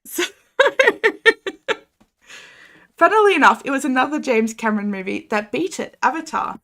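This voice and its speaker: A young adult woman, chatting casually with her viewers during a game stream and launching into animated rants. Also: sits high, moderate pace.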